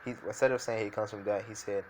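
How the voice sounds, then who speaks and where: Low-voiced man rambling through a story. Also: steady tone, fast, slight background noise. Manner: rambling, filler-heavy, frequent restarts. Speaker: fan fiction storyteller. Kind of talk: improvised story narration.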